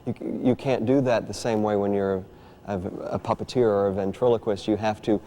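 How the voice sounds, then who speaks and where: A man's voice: lowish voice, fairly even intonation, normal speed, mellow, a little hiss or hum. Thoughtful, hesitant male ventriloquist. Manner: thoughtful, hesitant with many restarts. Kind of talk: documentary interview.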